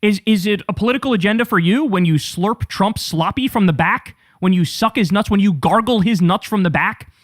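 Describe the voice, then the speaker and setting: Profane, sarcastic male commentator, high pitch, close dry mic. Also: brisk, dry recording. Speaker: political commentary host. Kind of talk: angry political commentary reacting to clips.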